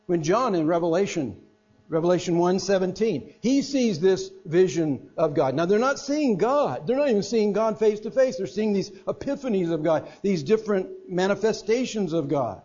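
A middle-aged man preaches a sermon in a husky, somewhat high voice, with a mellow tone. He shifts from loud emphatic stresses to quiet, hushed phrases. The recording sounds dull and lo-fi, with mains hum underneath. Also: expressive, moderate pace.

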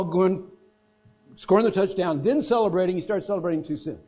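Preacher with mellow, husky voice. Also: male voice, high-pitched, a little fast. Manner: expressive, swings from loud emphatic to quiet hushed. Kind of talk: sermon. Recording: dull lo-fi sound with mains hum.

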